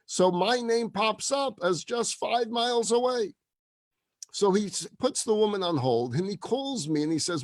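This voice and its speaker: A man, a rabbi, telling a story as a sermon, acting out the dialogue in his voice and dropping to a hushed, slow delivery at emotional peaks. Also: high voice, expressive, no room sound, studio quality.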